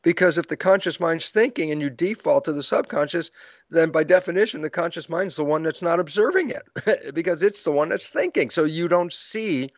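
A man's voice: a little high, animated, normal speed, dry recording. A man as an interview guest, explaining ideas like a lecturer, acting out quoted dialogue and chuckling at his own points. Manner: storytelling lecturer who acts out quoted dialogue. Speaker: guest author.

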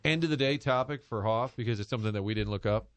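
A man's voice: medium pitch, fast, clean tone. A man co-hosting a sports talk radio show, joking with his partners and leading into the ads. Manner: lively, joking, steers to ads. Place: radio studio.

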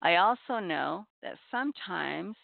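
A middle-aged woman hosting a talk show on abuse recovery, giving earnest, measured advice and repeating her key points. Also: fairly low pitch, lively intonation, creaky, dry recording. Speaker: podcast host on abuse recovery. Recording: tinny phone-like audio.

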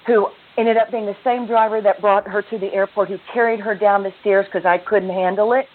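Over a narrow phone line, a woman who writes and teaches self-love tells her story as an interview guest. Her mid-range voice is brisk with fairly even intonation, and she speaks earnestly, laughing now and then in a conversational way.

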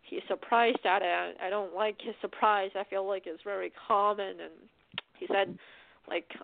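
A woman's voice: medium pitch, fairly even intonation, normal speed, creaky. A woman calling in to a radio show, talking hesitantly with many fillers. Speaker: caller. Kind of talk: casual phone call. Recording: tinny phone line, dry.

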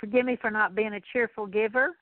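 A middle-aged woman leading a spoken prayer of repentance, slow and halting, with many fillers and repeated words. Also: medium pitch, fairly even intonation, no room sound. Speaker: Christian teacher. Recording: tinny dry phone-like radio recording.

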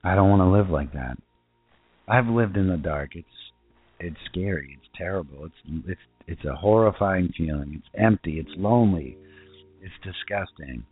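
A man preaching an informal sermon in earnest, asking rhetorical questions and repeating himself, and reading scripture slowly. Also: sits low, expressive, slightly rough. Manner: slow deliberate scripture reading. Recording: tinny phone-like sound with faint music.

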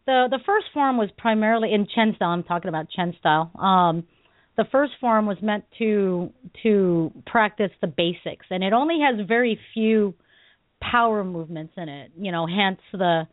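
A woman's voice: medium pitch, normal speed, no echo. A woman martial arts instructor chats on a talk radio show, telling stories with lots of laughs and filler words. Her voice sits in an ordinary middle register. It comes through a dry, tinny phone line. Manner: animated storytelling, laughs often, many fillers. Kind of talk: casual radio chat.

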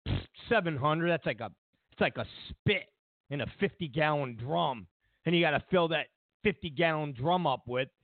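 A man's voice: on the high side, expressive, normal speed, dry recording. A man hosting a talk radio show, ranting and mocking as he delivers a monologue. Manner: mocking, ranting, acts out both sides of conversations. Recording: tinny, phone-like radio sound.

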